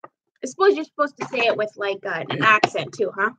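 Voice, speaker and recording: A woman's voice: medium pitch, sing-song, a little fast, noisy background. A woman hosting a casual live makeup chat at home, talking in a meandering, chatty way while she applies her makeup. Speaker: livestream host. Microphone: camera mic on a live stream.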